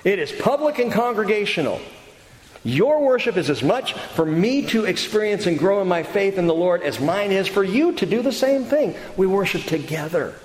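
A man's voice: high voice, very animated, moderate pace, darkish tone. A man preaching a sermon in a church and closing with a prayer, talking emphatically, recorded in a reverberant hall. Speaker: pastor. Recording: echoey hall with faint ambience.

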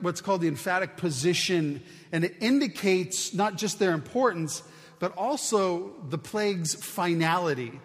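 A man's voice: high-pitched, in a large hall. A man preaching a sermon as a pastor, teaching in an earnest, conversational way with frequent restarts.

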